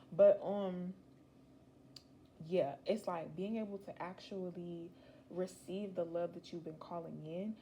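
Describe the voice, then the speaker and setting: A woman's voice: fairly low pitch, vocal fry, dark tone, a little hiss or hum, rough recording. A young woman giving a casual, rambling tarot reading, chatty and slangy with emphatic asides. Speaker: tarot reader.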